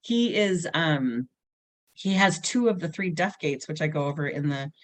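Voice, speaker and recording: A woman in her thirties talks casually as a family coach, her voice sitting a little low. She tells stories with energy and slips into her children's lines as she goes. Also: moderate pace. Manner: animated storyteller, acts out her kids' lines. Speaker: guest, family dynamic coach. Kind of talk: casual chat.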